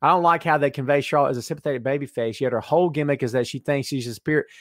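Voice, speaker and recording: A podcast host chats casually on a live stream, reading viewer comments out loud and joking directly to the chat in an excitable way. His medium-pitched voice races along, recorded dry in clean studio sound.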